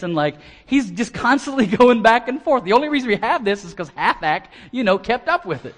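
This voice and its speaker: Animated American pastor, high lively voice. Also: male voice, fairly quick, few pauses. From United States. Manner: animated, repeats words when starting phrases. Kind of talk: expository sermon.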